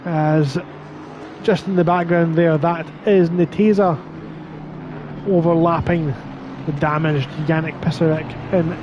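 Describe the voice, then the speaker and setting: A man's voice: fairly high pitch, fairly even intonation, unhurried, long pauses, highs cut off, noisy background. A man doing live sim racing commentary, chatty and reading viewer chat between calls of the action. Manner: chatty, reads stream chat aloud between race calls.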